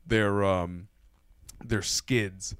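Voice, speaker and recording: A man's voice: on the low side, steady tone, extremely slow, fairly bright tone, clear, resonant tone, no echo. A man telling stories in a casual podcast chat, swearing freely and laughing through his own stories into a close mic. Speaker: podcast guest. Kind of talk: casual storytelling. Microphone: podcast mic held close.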